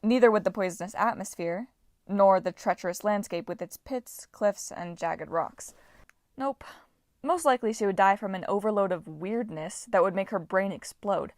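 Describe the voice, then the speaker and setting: A woman's voice: medium pitch, moderate pace, a little mellow, no echo. Woman narrating an audiobook, dry sound.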